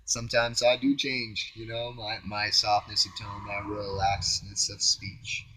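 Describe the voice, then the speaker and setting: A man's voice: on the low side, monotone, unhurried, a little hiss or hum. Man musing aloud, rambling and reflective. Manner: musing, talks to himself, shifts between loud and hushed. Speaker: vlogger. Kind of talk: rambling spiritual self-reflection. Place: home on Maui.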